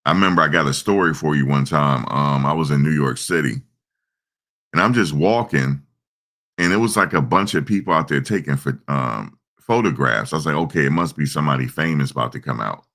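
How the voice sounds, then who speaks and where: A man casually telling stories, acting out voices with sudden high-pitched outbursts in profane, slangy talk. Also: brisk, a bit bright. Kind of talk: casual storytelling.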